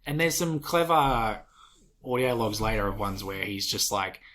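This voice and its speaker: A man's voice: lowish voice, expressive, moderate pace, a bit bright. A man co-hosting a gaming podcast, eagerly explaining plot points in long run-on sentences. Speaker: podcast co-host. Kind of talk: casual chat about a video game.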